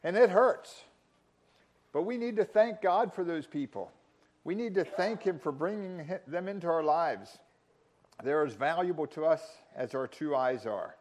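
Emphatic man preaching, slightly high voice. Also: a little mellow. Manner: emphatic preaching with dramatic pauses and rising quoted lines. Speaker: pastor. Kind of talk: sermon.

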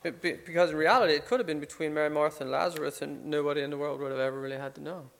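A man's voice: on the high side, fairly even intonation, racing, creaky. A man giving an informal Bible study, talking things over conversationally with fillers and restarts. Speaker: Bible teacher.

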